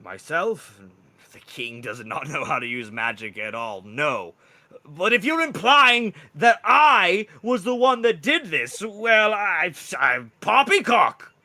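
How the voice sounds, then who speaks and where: A man's voice: mid-range voice, unhurried, bright, forceful tone, dry recording. A man voicing a pompous male mage who sputters indignantly when accused.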